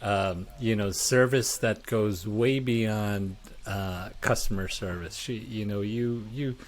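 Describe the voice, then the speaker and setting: Halting man with a lowish voice. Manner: halting, many restarts and fillers. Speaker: news anchor, co-host. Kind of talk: casual chat.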